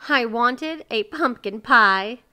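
A woman's voice: fairly high pitch, expressive, measured pace, a bit bright. A woman doing a weepy grumpy old hermit. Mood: wailing. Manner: whiny, sulky and trembling.

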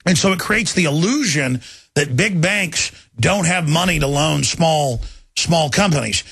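A combative talk radio host, a man in his thirties with a Texan accent, and his voice is gravelly and husky. He talks fast, repeats himself, and sits a touch high for a man. The studio sound is dry and close. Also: animated, fairly bright tone, dry recording. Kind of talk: talk radio monologue and call-in. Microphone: studio microphone.

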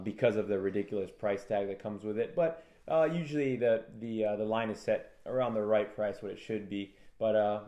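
A man co-hosting a casual MMA betting analysis show, animated and acting out fighters in raised voices. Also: on the low side, reverberant. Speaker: MMA prediction co-host.

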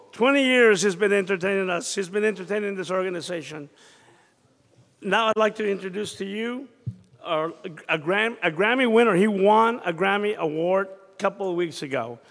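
A man emcees a banquet in a high, gravelly voice, introducing the next act. He rallies the crowd to applaud. His voice echoes through a large hotel ballroom. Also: moderate pace, fairly bright tone. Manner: announcing, rallying applause. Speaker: master of ceremonies. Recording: echoey hall, PA system.

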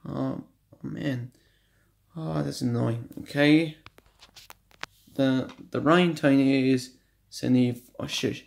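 A man at home casually showing off his DVD collection, reading out running times in a halting, stumbling way. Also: medium pitch, steady tone, vocal fry. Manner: shouts at noisy kids, then apologizes. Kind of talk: casual home video show-and-tell. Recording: faint background noise.

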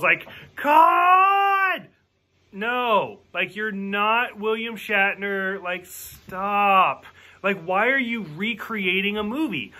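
Casting: irritated reviewer guy, high lively voice with a bright edge, swears a lot, casual rant. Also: slightly rough. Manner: exasperated, profane, acts out characters' lines. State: drinking while reviewing. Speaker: movie reviewer.

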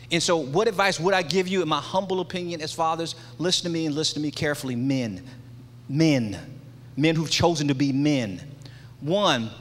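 This middle-aged leader of a church men's ministry delivers a passionate testimony sermon, his preaching cadence full of repetition. The voice is a little high and a bit bright, and the long reverb of a large church sanctuary surrounds it.

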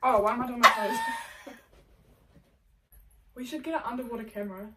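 A woman's voice: a little high, brisk. A young woman, chatting and joking giggly in a casual vlog. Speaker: vlogger. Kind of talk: casual chat. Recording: distant mic with loud background noise.

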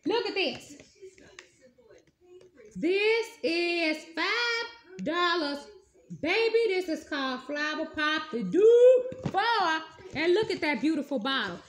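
A woman with a high, bright voice and a drawl talks casually to her viewers, reviewing perfumes she has bought. She gushes and hypes each bottle with folksy, animated slang. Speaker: beauty vlogger.

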